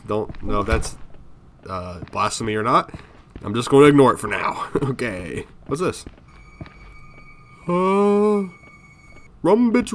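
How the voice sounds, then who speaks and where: A gaming video creator gives casual commentary on a horror game, jumpy and swearing as he talks to himself and his viewers. His voice is lowish and a bit bright.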